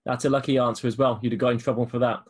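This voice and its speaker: A man interviewing a guest in a casual chat, asking quick questions and teasing him. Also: medium pitch, little pitch movement, breathy edge. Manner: teasing, joking. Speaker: interviewer, academic.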